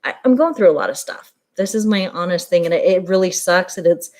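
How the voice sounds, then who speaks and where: A woman's voice: fairly low pitch, animated, fairly quick, darkish tone. A young adult woman talking candidly and emotionally in a personal vlog, rambling with fillers. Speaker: vlogger.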